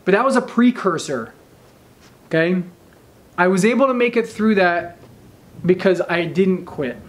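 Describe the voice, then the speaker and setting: A man in his thirties telling a story in casual talk, animated and often checking in with his listeners. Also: sits high, unhurried. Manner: animated, addresses listeners with "right?" and "okay?". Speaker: speaker telling a training story.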